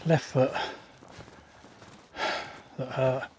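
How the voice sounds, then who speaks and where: A man of middle pitch talks to his camera while hiking through open countryside. He is casual and self-mocking, a bit out of breath. Outdoor ambience and animal sounds come through clearly behind him. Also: flat delivery, drawn-out words, background noise. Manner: wry, self-deprecating, chatty asides. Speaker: vlogger.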